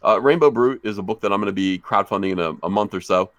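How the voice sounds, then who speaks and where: A man who creates comics, chatting on a livestream in a joking, deadpan way over a computer mic. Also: fairly low pitch, quick pace, no echo. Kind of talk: casual livestream chat.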